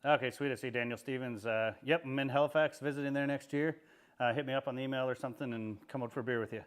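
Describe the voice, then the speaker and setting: A man from Nova Scotia chatting on a livestream as a guest, relaxed and halting. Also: mid-range voice, clear, resonant tone. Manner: relaxed, halting with fillers and restarts. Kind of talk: casual livestream chat.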